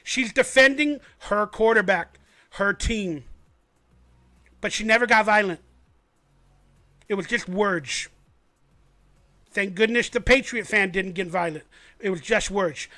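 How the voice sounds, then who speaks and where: A man hosting a fan livestream, telling a story in an animated, rambling way. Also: high voice, a little slow, long pauses, faint music behind. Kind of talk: casual sports commentary.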